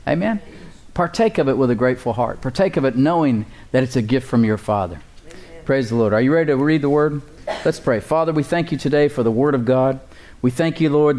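A man's voice: mid-range voice, darkish tone. A man preaching a sermon as pastor, calling out to the congregation for responses and chuckling often.

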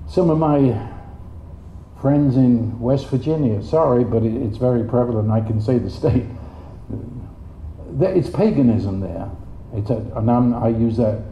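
Man, sermon, animated preaching, dull echoey recording. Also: measured pace, a little hiss or hum. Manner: animated, jumps high for quoted voices.

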